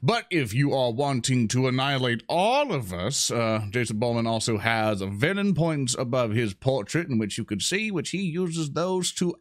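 A man's voice: mid-range voice, lively intonation, normal speed, hardly any pauses, dry recording, studio quality. A man co-hosting a tabletop game stream, chatting casually with playful, mock-dramatic asides. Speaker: player and stream co-host. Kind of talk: casual livestream chat.

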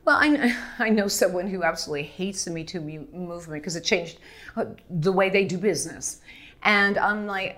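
Here the Montrealer's voice is lowish and a bit bright, moving at normal speed. She's a middle-aged interview guest who speaks openly and energetically, laughing a lot and often beginning her sentences again.

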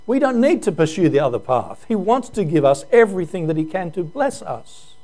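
A man's voice: high-pitched, big pitch swings, brisk, mellow. A male pastor giving an earnest, emotional sermon full of rhetorical questions.

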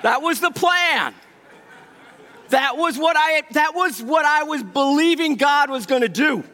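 A man with a high-pitched voice tells stories from the pulpit. He swings between loud bursts and quiet, hushed asides. His voice carries a long reverb from a big church hall. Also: expressive, a little slow. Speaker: preacher. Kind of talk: sermon storytelling.

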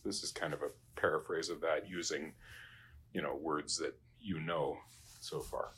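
A man working through Latin translation exercises as a teacher, halting and trailing off quietly. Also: rumbling low, fairly even intonation, breathy edge. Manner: halting, many fillers and restarts, trails off quietly.

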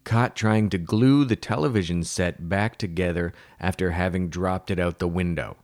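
Deep-voiced man telling a rambling joke. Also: normal speed, darkish tone, dry recording, clean studio sound. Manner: rambling, self-correcting joke teller. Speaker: audiobook narrator. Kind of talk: humorous scripted narration for children.

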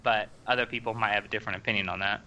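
A young man hosting a casual podcast chat, animated and laughing often. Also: lowish voice, very fast. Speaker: podcast host.

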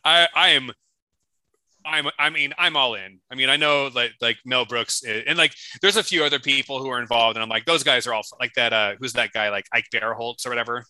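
A man co-hosting a casual podcast chat, rambling through stories with many restarts and animated quotes. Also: mid-range voice, no echo, rough recording. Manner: rambling storyteller, restarts, quick animated quoting. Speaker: podcast co-host.

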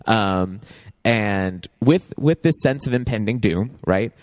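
A man's voice: fairly low pitch, animated, slow, no room sound. A man chatting casually about a TV show, rambling with lots of fillers and laughs.

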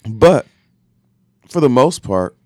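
A man co-hosting a casual sports talk show, making his points slowly and deliberately. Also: medium pitch, big pitch swings, dry recording, clean studio sound. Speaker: podcast co-host.

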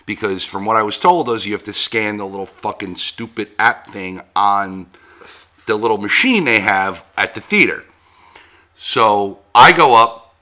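Male podcast co-host, low and sharp-toned, blunt and profane. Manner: blunt and profane, short replies. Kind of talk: casual chat, storytelling.

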